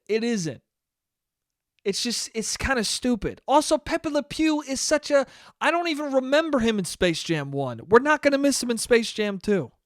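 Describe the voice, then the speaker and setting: Young male podcast host, rambling and profane, crisp voice, dry close sound. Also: high voice, no room sound. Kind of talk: casual solo podcast monologue.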